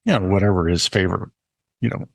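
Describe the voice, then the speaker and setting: A man's voice: low voice, fast talker, creaky, breathy edge, no room sound, clean studio sound. A man co-hosting a podcast, telling stories in a rambling way with many ums and uhs. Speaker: podcast co-host. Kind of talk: conversational storytelling.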